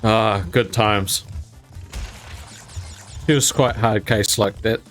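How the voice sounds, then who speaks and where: A man's voice: fairly low pitch, slow pace, faint music behind. A young man casually telling a jokey story, swearing now and then and acting out what people said. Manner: animated, jokey, swears casually, acts out quotes. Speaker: gaming YouTuber.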